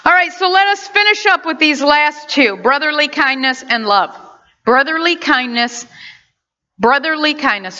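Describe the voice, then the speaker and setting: A woman delivers a sermon in a high, bright voice that flares into loud, animated bursts. The sermon is caught on a dull, lo-fi recording. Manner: impassioned, animated preaching with sudden loud high outbursts. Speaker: preacher.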